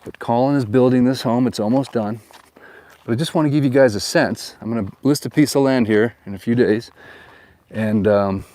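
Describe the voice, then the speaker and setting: A middle-aged man, a real estate agent, talking casually outdoors while filming with a handheld camera, playful and quick to laugh at himself. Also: mid-range voice, dark tone. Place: outdoors at a hillside lot.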